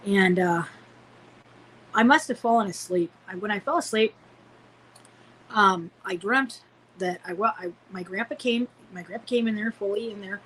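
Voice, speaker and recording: A woman's voice: mid-range voice, normal speed, pauses often, fairly bright tone, rough recording. A woman in her forties from Illinois tells a personal story on a podcast. She rambles, doubling back with fillers and restarts, in a mid-range voice over a faint background hum. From Illinois, United States. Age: 40s. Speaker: podcast guest.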